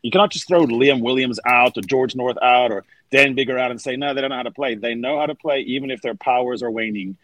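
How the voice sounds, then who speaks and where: A man's voice: mid-range voice, fairly quick, hardly any pauses, a bit bright, dry recording. A man, co-hosting a rugby podcast in an emphatic, storytelling way of casual chat. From South Africa. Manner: emphatic, storytelling, acts out quotes. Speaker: rugby analyst, podcast co-host.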